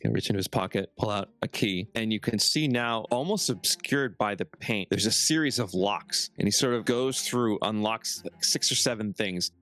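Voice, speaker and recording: A man's voice: on the low side, moderate pace, hardly any pauses, a bit bright. A man narrating a tabletop game as game master, describing scenes loosely with fillers.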